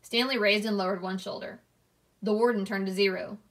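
Woman, reading a novel aloud, steady clear narration, mid pitch. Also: fairly quick. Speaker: reader.

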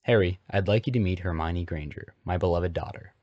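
A man's voice: brisk, no room sound. A man voicing a genial male Southern preacher who runs a school, with a folksy Southern accent. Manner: warm, booming, folksy.

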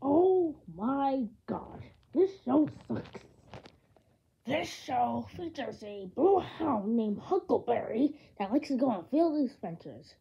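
A woman voicing a whiny, spiteful young bear, ranting in a sneering, drawn-out way on a dull lo-fi home recording. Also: high-pitched, sing-song, creaky, a little hiss or hum, exaggerated voice. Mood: scornful. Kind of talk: amateur grounded-video voice acting.

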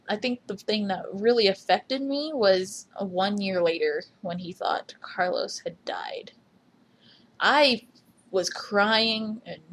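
A young woman rambling in a casual voice memo, apologizing often and speaking in a husky voice. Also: mid-range voice. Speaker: fan recording a voice memo.

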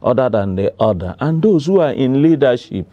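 A Nigerian clergyman reading scripture and explaining it slowly and deliberately, with some hesitations, in a Bible study. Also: mid-range voice, animated, mellow, no echo, dull audio. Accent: Nigerian English. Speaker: Anglican clergyman. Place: television studio.

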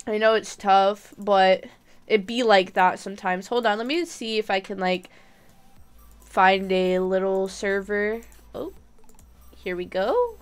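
A young woman streaming a game live, bubbly and giggly, chatting excitedly with her viewers. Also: mid-range voice, slow, clear, resonant tone, faint music behind. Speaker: gaming streamer. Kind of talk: live-stream gameplay chat.

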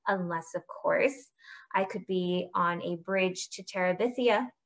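A woman voicing an eccentric, booming older game-maker in a storybook read-aloud. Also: unhurried, gravelly. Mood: theatrical. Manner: booming, theatrical.

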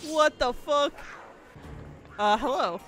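A woman streaming a video game, commenting on her play in an excitable way, swearing freely and laughing often. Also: sits high, slow. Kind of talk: live gameplay commentary.

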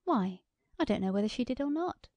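A woman's voice: fairly high pitch, expressive, a little fast, darkish tone, no echo, natural voice. A woman voicing a plain-spoken, regretful rural farm wife in an audiobook. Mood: rueful.

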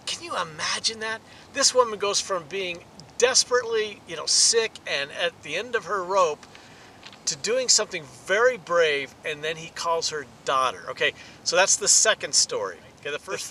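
Male pastor, bright high voice, animated sermon delivery, faint traffic hum behind. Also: normal speed, low-quality recording. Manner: animated, rises in pitch and volume for emphasis. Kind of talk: sermon teaching.

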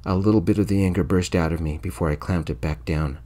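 Pria bersuara sangat rendah bercerita ASMR. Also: male voice, low voice, fast. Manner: quiet, even first-person narration. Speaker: narrator. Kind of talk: soft-spoken ASMR storytelling.

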